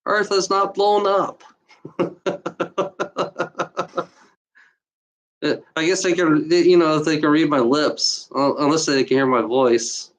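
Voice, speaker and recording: A woman from Germany giving an emotional unscripted monologue, out of breath and talking in halting, restarting bursts. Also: sits low, steady tone. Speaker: channel host.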